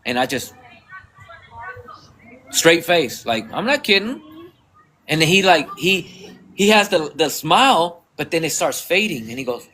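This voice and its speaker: A man hosting a livestream podcast who retells a story in a blunt, lecturing way, with quick Spanish asides. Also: a little high, expressive, pushed and bright. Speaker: podcast host.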